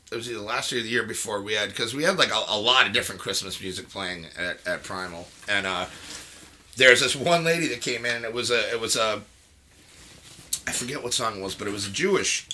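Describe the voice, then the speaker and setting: Brief: male podcast host, animated and profane, bright edge to the voice. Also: on the low side, fairly quick, a little hiss or hum. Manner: profane, rambling, animated storytelling. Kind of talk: casual chat.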